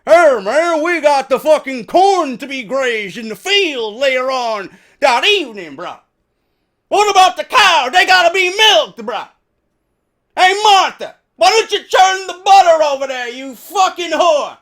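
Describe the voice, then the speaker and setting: A man voicing a crude, hollering rural farmer, loud and profane. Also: very high voice, expressive, unhurried, heavily acted. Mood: rowdy hollering.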